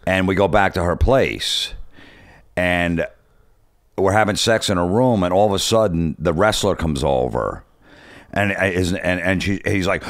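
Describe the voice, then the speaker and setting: A man's voice: low voice, unhurried, dry recording, clean studio sound. A man from New Jersey, a comedian guest telling blunt, profane stories in casual chat. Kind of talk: casual storytelling.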